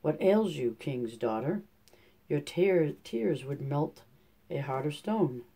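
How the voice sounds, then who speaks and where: A man plays a persistent old frog who coaxes and insists in a deep, dark storybook voice. The delivery stays close to the reader's own tone. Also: animated, slow pace, gravelly, exaggerated voice. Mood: coaxing.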